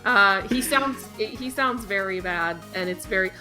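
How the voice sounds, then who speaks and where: A woman co-hosting a casual podcast with a crisp, bright voice. She talks fast and loose, full of dry, sardonic asides. Faint music sits under her. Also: medium pitch. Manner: chatty, sardonic, quick asides. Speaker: podcast co-host. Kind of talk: casual chat.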